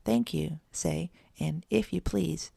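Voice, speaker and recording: A woman voicing a wise, kindly old grandmother cat who speaks in slow, measured rhymes. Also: low-pitched, gravelly, warm tone, breathy edge, dry recording, exaggerated voice. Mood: gently wise.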